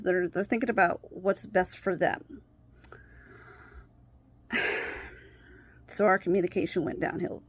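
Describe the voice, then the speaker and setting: A woman vlogger talking candidly to camera about her own experience, halting and often losing her train of thought. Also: mid-range voice. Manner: frequent pauses and restarts. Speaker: vlogger sharing personal experience. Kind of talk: candid personal talk to camera.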